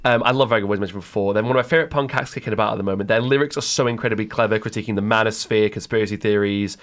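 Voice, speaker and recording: A man's voice: lowish voice, steady tone, rapid-fire. A young man, co-hosting a radio show in casual, enthusiastic, rambling chat. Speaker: radio co-host.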